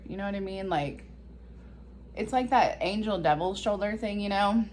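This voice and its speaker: Woman, confessional vlog, rambling, emotional self-talk, medium pitch, faint background hiss. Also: normal speed, a little mellow. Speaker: vlogger and mother.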